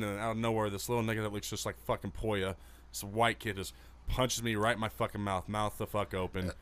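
A man from Utah telling profane stories in a casual podcast chat, acting out quotes loudly. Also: lowish voice, little pitch movement, fairly quick, clean tone. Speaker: podcast co-host.

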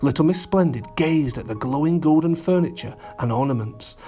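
A man reading a children's storybook aloud, his voice sitting a bit high and bouncing with animated emphasis. He speaks straight to the young listeners. Faint music plays underneath. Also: moderate pace. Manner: lively, addressing children directly.

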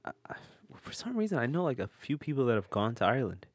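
A man's voice: big pitch swings, fast, slightly rough, dry recording. Profane, joking man on a dry mic. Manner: profane, joking, laughs a lot, bursts into high put-on quotes. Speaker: podcast co-host. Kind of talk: casual comedic chat.

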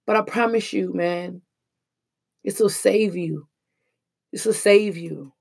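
A woman's voice: mid-range voice, takes it slowly, vocal fry, darkish tone, husky. A young woman speaking in an earnest, emphatic monologue, casual and slangy as she shares hard-won lessons. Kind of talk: emotional personal monologue.

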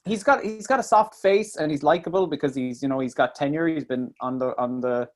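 A man's voice: fairly high pitch, a little fast. A man in casual chat, reviewing a film with mocking asides and swearing. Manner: animated, swearing, mocking impressions. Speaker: podcast co-host.

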